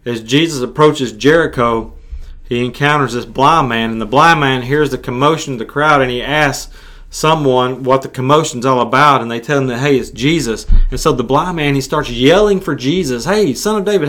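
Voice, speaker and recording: A man's voice: mid-range voice, moderate pace, bright, forceful tone. An earnest male preacher delivering a sermon on his own podcast. His voice sits in a middle register, and he often restarts and repeats phrases as he works toward a point. The delivery is conversational rather than polished. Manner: earnest, repetitive, with frequent restarts.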